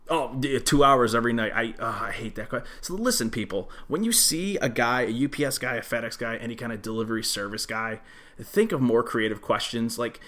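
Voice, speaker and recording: A man co-hosting a casual podcast, telling dry, deadpan work stories and ranting about small talk. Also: medium pitch, a little fast. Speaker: podcast co-host. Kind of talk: casual storytelling.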